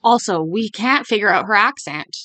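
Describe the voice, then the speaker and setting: A woman's voice: medium pitch, lively intonation, normal speed, bright, forceful tone, no room sound. A woman hosting a casual commentary over court footage, rambling with restarts and asides.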